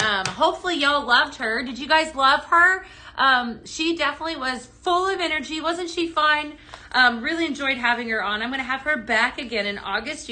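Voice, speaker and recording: A bubbly young woman with a lilt hosts a live shopping stream, chatting to viewers and answering their comments. Her voice sits a little high and rings bright and forward. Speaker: live shopping show host. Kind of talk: live product selling stream.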